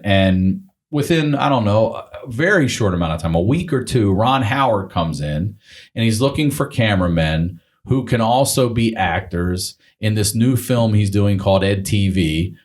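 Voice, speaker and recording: A male comedian telling a long, animated story in casual chat, swearing freely and acting out the people he quotes. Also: lowish voice. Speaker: guest comedian.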